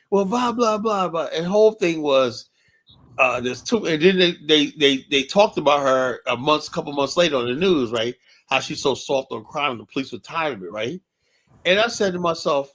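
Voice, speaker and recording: A man's voice: a little high, lively intonation, brisk, fairly bright tone. A man telling long, rambling stories in a heated casual debate, swearing freely and tagging nearly every sentence with 'right?'. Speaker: panelist.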